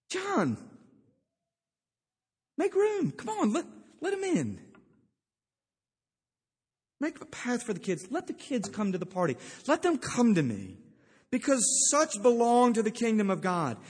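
A man's voice: very high voice, darkish tone, slightly rough, long reverb tail, pitched above the performer's own voice, full character voice. A man voicing an urgent, welcoming teacher who exclaims and waves a crowd aside to let children through. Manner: exclaiming, shooing people aside.

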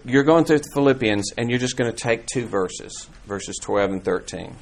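A man teaching an informal church Bible class in a conversational, rambling way, with many restarts and fillers. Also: on the low side.

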